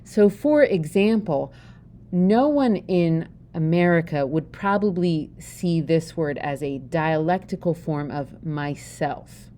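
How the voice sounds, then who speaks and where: Woman w/ pennsylvania dutch accent doing a jokey chatty lesson, lowish mellow voice. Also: animated, slow pace. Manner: chatty, joking, asks the listener questions. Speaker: teacher. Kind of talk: informal video lesson.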